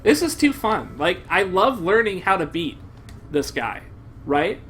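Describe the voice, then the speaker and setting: Young guy streaming a game, swears a lot, yells at times, bright voice that jumps all over. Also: high voice, a little slow, a little hiss or hum. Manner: excitable, profane, bursts into shouting. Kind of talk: live gameplay commentary.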